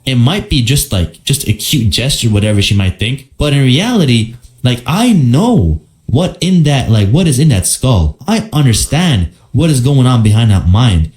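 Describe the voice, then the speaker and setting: A man's voice: medium pitch, big pitch swings, normal speed, darkish tone. A man hosting a casual commentary, rambling with lots of fillers and rhetorical questions. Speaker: host and commentator.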